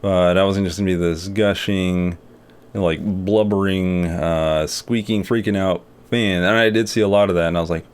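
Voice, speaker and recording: A man's voice: sits low, fairly even intonation, normal speed, clean tone. A young man telling a story in a casual vlog, rambling with many fillers and restarts. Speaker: artist and video creator.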